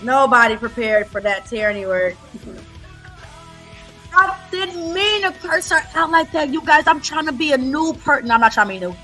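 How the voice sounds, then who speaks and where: A woman arguing on a livestream call, loud and profane, repeating herself. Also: high-pitched, expressive, normal speed, soft background music. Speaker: livestream guest. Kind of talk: heated livestream argument.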